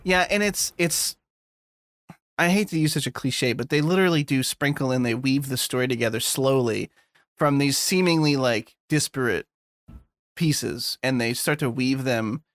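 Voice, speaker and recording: A man's voice: medium pitch, moderate pace, a bit bright, no room sound. A man co-hosting a podcast, chatting casually and rambling, swearing now and then. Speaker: podcast co-host. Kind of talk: casual chat.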